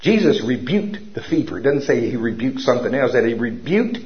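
Animated man preaching a sermon. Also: mid-range voice, fairly quick. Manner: storytelling, animated, commanding declarations. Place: church service with congregation. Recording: dull lo-fi recording.

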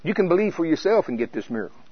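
A man's voice: a little high, big pitch swings, racing, husky, dry recording, muffled recording, voice pushed up. A man preaching voices Jesus as stern and fed up with his disciples, in a raised, pressing voice. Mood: urging.

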